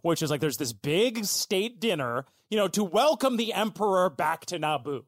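A man's voice: sits high, big pitch swings, normal speed, no echo, studio quality. A man co-hosting a casual brainstorming chat, rambling and profane, packing his talk with "like".

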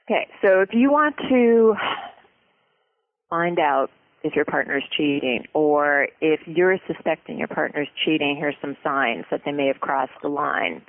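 A guest expert giving relationship advice in an interview, explaining in an earnest, steady way. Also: medium pitch, measured pace, dry recording. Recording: tinny phone-like line.

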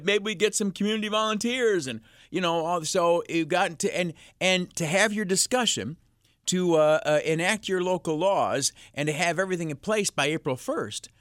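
A man's voice: mid-range voice, a bit bright, no echo. A man hosting a call-in radio show, rambling and sarcastic as he riffs alone between calls. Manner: rambling, sarcastic, jumps to mock voices. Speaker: radio talk show host. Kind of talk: solo talk radio monologue. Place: radio studio.

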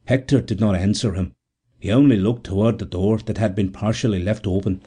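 Mellow-voiced man reading a story. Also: on the low side, fairly even intonation, a little fast, slightly rough. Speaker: audiobook narrator. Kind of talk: scripted narration.

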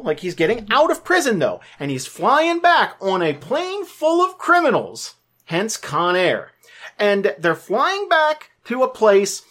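A woman chatting casually on a podcast, her voice sitting low but bouncing around a lot in pitch. She rambles through her stories with plenty of fillers and throws in the odd swear word. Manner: rambling, animated storytelling with frequent fillers and swearing. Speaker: podcast co-host. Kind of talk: casual chat.

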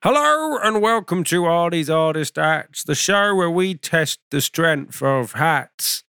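A man's voice: a little high, animated, takes it slowly, vocal fry, pushed and bright, clear, resonant tone, no room sound, studio quality, heavily acted. A man playing a blunt, constantly swearing show host in a comedy sketch. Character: foul-mouthed British hat-testing show host.

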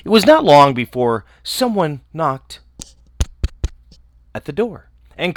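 Slow, expressive male storyteller. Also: a little high, dry recording. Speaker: podcast host and storyteller. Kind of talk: storybook reading.

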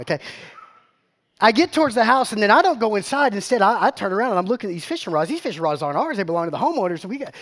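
A man, preaching a sermon built around a story. He talks in an animated way, repeating his words and throwing questions out to the congregation. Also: high voice. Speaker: pastor.

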